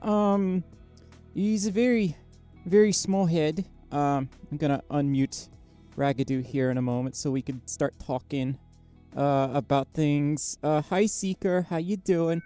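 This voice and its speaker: A tired livestreamer chatting casually with viewers, speaking quietly and haltingly, with lots of fillers and a microphone right up against the mouth inside a costume head. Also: fairly even intonation, soft background music. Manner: quiet, low-energy, halting with many fillers. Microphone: microphone very close to the mouth inside a costume head.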